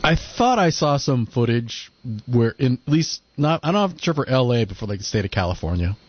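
A man's voice: mid-range voice, sing-song, normal speed, no room sound, lo-fi sound. Rambling male talk radio host. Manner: rambling, hesitant. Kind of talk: casual talk radio chat.

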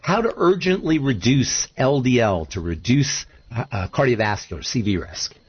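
A man co-hosting a radio talk show, an emphatic and animated storyteller. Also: medium pitch, moderate pace, husky, dull audio. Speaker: co-host.

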